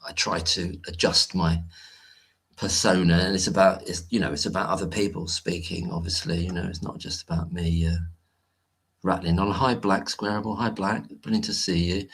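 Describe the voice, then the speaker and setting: A man's voice: sits low, breathy edge. A man hosting a casual livestream from home, talking in a rambling, hesitant way with many restarts as he greets viewers in the chat. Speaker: livestream host. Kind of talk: casual live-stream chat.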